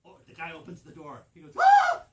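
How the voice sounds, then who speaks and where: A man playing Father Christmas tells a joke story on a TV set, with dramatic swings from loud pleading cries to hushed whispers. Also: on the high side, level tone, quick pace, distant mic. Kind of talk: live TV storytelling of a joke tale. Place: community TV studio set. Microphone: camera off set. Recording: echoey studio, camera off to the side, background noise.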